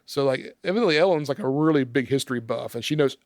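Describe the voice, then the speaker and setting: A man's voice: mid-range voice, fast, no echo, studio quality. Laughing man recapping a film. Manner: laughs often while recounting scenes. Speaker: film discussion podcast member. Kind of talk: casual chat recapping a film from notes.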